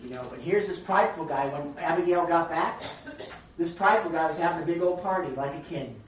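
A woman leading a Bible study, teaching in a chatty, animated storytelling way. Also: fairly low pitch, a little fast, far from the mic, slight background noise. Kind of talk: casual teaching. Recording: echoey room from afar, dull.

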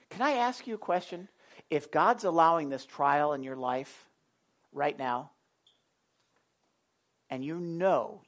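This muffled recording captures a pastor whose male voice is a little high and a bit bright. He preaches loosely and conversationally, tossing jokes and asides to the congregation.

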